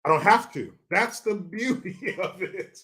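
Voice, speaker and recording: A man delivering a profane political commentary rant, his voice sitting fairly high for a man. He mocks his targets and laughs often between jabs. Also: animated, a little slow, fairly bright tone, breathy edge. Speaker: show host.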